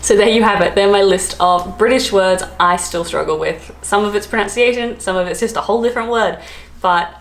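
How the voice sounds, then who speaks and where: A woman's voice: mid-range voice, fairly quick, reverberant. A woman in her thirties from Australia with an Australian accent, chatting casually to camera, laughing often between many fillers. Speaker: vlogger.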